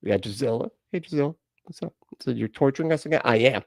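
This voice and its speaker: Gravelly man chatting on a stream. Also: medium pitch, lively intonation, quick pace, no echo. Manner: rambling, self-mocking, laughs often. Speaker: reaction channel host. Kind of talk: casual live-stream chat.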